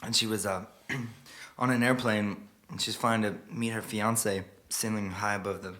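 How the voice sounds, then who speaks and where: A man telling a story in a soft, hushed and halting way, pausing and restarting often. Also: on the low side, fairly even intonation. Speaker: singer-songwriter. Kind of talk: spoken storytelling intro to a song. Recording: loud guitar playing behind the voice.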